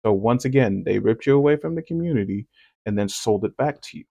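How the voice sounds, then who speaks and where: A man's voice: mid-range voice, animated, a little fast, gravelly, dark tone, no room sound. A man hosting a reaction commentary and giving his opinions conversationally, with lots of "you know" fillers. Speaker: commentary host reacting to clips.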